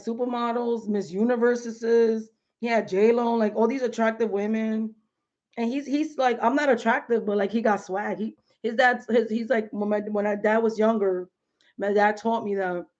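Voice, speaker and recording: A chatty woman in her thirties talks casually from home on a live stream, slangy and full of "like" and "you know". Her voice sits a little high. The stream audio is dull and lo-fi. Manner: chatty, animated, slangy with many fillers.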